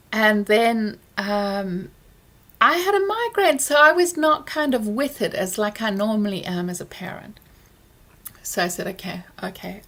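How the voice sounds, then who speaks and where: A middle-aged woman chatting casually to camera at home, recounting a story about her son with candid reflection. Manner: candid, reflective, recounts dialogue with lively pitch swings. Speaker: vlogger, parent.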